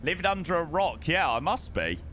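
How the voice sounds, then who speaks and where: A man's voice: fairly high pitch, big pitch swings, moderate pace, bright, forceful tone, slight background noise. A young man streaming a flight sim, chatting casually with his chat and calling people mate, his voice strained because he is losing it.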